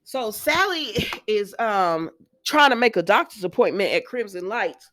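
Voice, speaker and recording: Animated, bright-voiced chatty woman. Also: medium pitch, unhurried. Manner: talkative, addresses viewers as y'all, frequent asides; lively, acts out quoted lines with laughs. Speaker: soap opera recap vlogger. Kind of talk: casual chatty recap.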